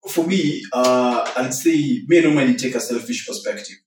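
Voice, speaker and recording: A man's voice: medium pitch, normal speed, slight background noise. A young man, chatting casually on a podcast and telling stories in a mix of English and Swahili slang. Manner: relaxed storyteller, mixes English and Swahili slang. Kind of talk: casual chat. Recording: echoey room, far from the mic.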